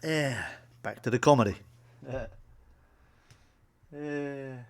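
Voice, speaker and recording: Sweary comedian telling crude jokes. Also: male voice, mid-range voice, takes it slowly. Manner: blunt and sweary, with a chuckling aside. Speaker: stand-up comedian. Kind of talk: crude joke-telling monologue. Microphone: solo to camera, wearing a mask.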